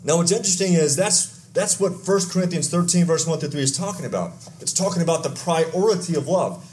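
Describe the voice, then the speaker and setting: A pastor from Texas, preaching a conversational sermon with asides, stories and questions to the congregation. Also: male voice, on the high side, animated, a little fast, a little mellow, slight background noise.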